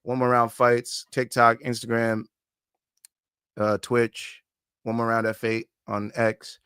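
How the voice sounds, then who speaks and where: A man's voice: mid-range voice, flat delivery, takes it slowly, fairly bright tone, smooth, no echo, clean studio sound. Profane laughing livestream host man. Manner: profane, laughing, reads chat aloud. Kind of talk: casual livestream chat.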